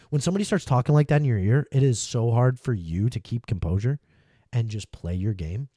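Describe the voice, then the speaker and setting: A man coaching players with emphatic energy, hammering points home and checking in with "okay?" His voice is dark and mellow. The sound is close and dry. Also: medium pitch, a little fast, dry recording. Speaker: game coach.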